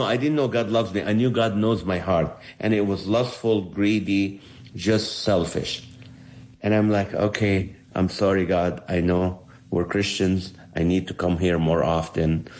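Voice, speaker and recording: Animated man telling a comedy story. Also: fairly low pitch. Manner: animated storyteller acting out voices. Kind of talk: storytelling in an interview.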